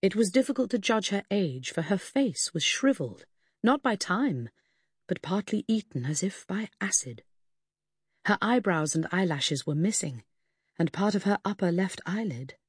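A woman narrating a story in a measured way, voicing each character. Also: medium pitch, animated, slightly rough, dry recording, studio quality. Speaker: audiobook narrator. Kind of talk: scripted narration.

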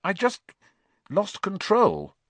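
A man's voice: high-pitched, wildly swooping pitch, slow pace, no room sound, pitched above the performer's own voice, heavily acted. A man voicing a modest teenage boy who speaks sincerely, a little sheepish.

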